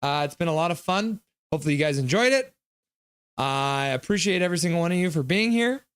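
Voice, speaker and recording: A man hosting a live stream, reading chat aloud and thanking viewers in a loose, jokey way. His voice sits a bit high for a man. The sound is dry and close, with no room around it. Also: expressive, quick pace, clean tone, no echo. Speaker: host of a live hockey stream.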